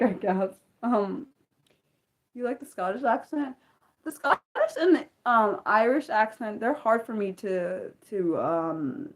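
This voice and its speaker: A woman from Maryland with a Maryland American accent, hosting a casual unscripted livestream and rambling along with many fillers and restarts. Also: medium pitch. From Maryland, USA. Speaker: livestream host.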